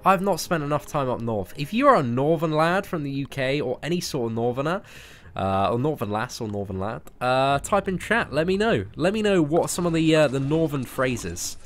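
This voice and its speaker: A man's voice: fairly high pitch, expressive, normal speed, a bit bright. A young man with a southern English accent, chatting casually on a game live stream, rambling and restarting his sentences. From Surrey, southern England. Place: parents' garden, outdoors.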